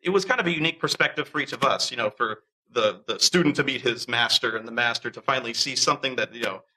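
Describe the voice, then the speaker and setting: A man tells a story in a casual, animated way, acting out the voices of the people he quotes. His voice is very bright, and he often restarts his sentences. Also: mid-range voice, fast, husky, rough recording. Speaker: interviewee.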